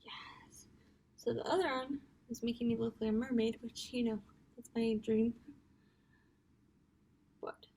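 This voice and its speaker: A woman's voice: fairly high pitch, steady tone, unhurried, long pauses, dark tone, breathy edge. A young woman chatting casually through a makeup tutorial at home, giggling often and slipping into whispers. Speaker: makeup vlogger.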